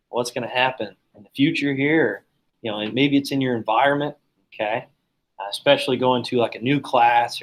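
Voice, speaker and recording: A man's voice: mid-range voice, low-quality recording. A man teaching a classroom lesson in a casual, joking, chatty way, telling stories and teasing his students.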